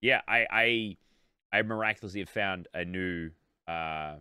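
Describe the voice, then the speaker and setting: A man's voice: low voice, unhurried, smooth, dry recording, clean studio sound. A young Australian man co-hosting a podcast, chatting casually and rambling through his points. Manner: rambling, animated, self-interrupting. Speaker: podcast co-host. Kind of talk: casual chat.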